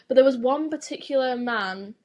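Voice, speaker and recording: A young woman hosting a solo podcast, ranting in a casual, animated way, swearing freely and filling her talk with "like". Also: sits high, normal speed, muffled recording. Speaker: podcast host.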